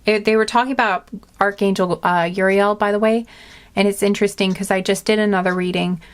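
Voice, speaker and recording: A woman's voice: medium pitch, fairly even intonation, brisk, clear, resonant tone. A woman giving a casual tarot reading to her viewers, rambling and heartfelt with many fillers. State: tearful, emotional. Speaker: tarot reader.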